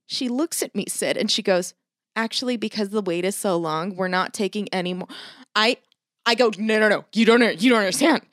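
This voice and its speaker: A woman in casual chat who tells a story in an animated way, swears constantly and acts out the people she quotes. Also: medium pitch, fairly quick, no room sound, clean studio sound.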